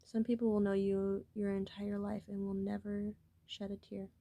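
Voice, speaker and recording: A woman's voice: mid-range voice, flat delivery, moderate pace, warm tone, no room sound. A woman talking casually to her viewers in a rambling, earnest way, cursing freely as she shares spiritual thoughts. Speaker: vlogger.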